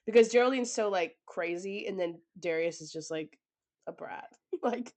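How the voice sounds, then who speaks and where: A woman's voice: mid-range voice, normal speed, darkish tone. A woman co-hosting a podcast in casual book chat, blunt, swearing freely and leaning on "like". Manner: chatty, leans on "like". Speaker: podcast co-host.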